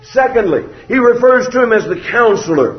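High-voiced preacher in a roomy hall. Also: male voice, animated, normal speed. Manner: emphatic, formal preaching cadence with scripture quotes. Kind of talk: sermon. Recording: roomy, slightly dull recording.

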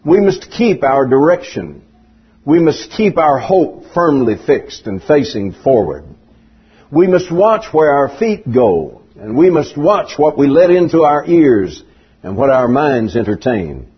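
A man's voice: very animated, unhurried, husky, dull audio. An older man, preaching a sermon in a folksy storytelling way. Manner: folksy storytelling preaching with big pitch swings.

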